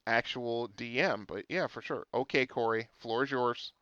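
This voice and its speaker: A man's voice: mid-range voice, moderate pace, pushed and bright, no echo. Muffled man giving short replies. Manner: brief affirmations and back-channel replies. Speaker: podcast host. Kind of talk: casual podcast chat. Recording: muffled dry lo-fi sound.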